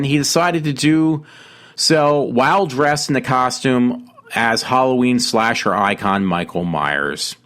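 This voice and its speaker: This man hosts his own casual solo show, rambling, correcting himself, and saying um a lot while he fiddles with his home mic. His voice is mid-range and a bit bright.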